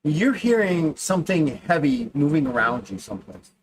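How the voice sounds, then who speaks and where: Male game master, relaxed scene-setting delivery, a little high-pitched. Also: moderate pace, crowd noise. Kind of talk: narrating a tabletop game.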